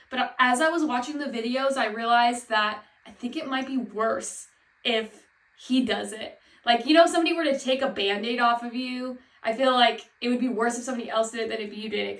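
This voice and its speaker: A woman's voice: on the high side, fairly bright tone. A woman vlogging at home in casual chat, nervous and rambling as she talks herself through a task. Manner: nervous, rambling, self-talk with nervous laughs. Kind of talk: casual vlog talk. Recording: echoey room, voice from a distance.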